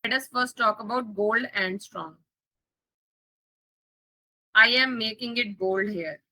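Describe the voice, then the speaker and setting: A woman's voice: on the high side, slow, bright, forceful tone, low-quality recording. A woman with an Indian English accent teaching a live coding lesson, repeating key points and checking that students understand. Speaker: coding instructor.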